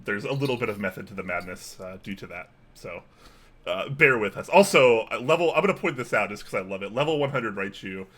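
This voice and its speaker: A man co-hosting a casual livestream chat, relaxed and quick to laugh. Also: on the low side. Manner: relaxed, chatty, laughs easily. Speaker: co-host.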